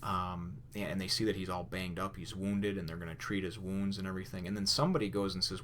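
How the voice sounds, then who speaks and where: A man's voice: deep voice, steady tone, fast talker, hardly any pauses, fairly bright tone, a little hiss or hum. A man casually recapping a comic chapter and commenting on it, rambling with frequent fillers and restarts, and sometimes acting out characters' lines. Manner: rambling, lots of "you know" and restarts; loosely acts out characters' lines. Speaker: manga reviewer.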